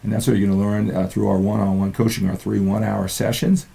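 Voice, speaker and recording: Older male coach, very gravelly and mellow, earnest motivational talk, keeps asking "right?". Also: on the low side, flat delivery, quick pace. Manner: earnest, peppers lines with "right?". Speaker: fitness and mindset coach.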